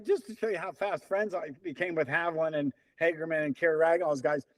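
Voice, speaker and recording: An older man telling long stories as an interview guest, lively and acting out the people he quotes. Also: a little high, quick pace, no echo. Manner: animated storyteller, acts out quoted dialogue. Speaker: interview guest, runner and coach. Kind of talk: casual storytelling.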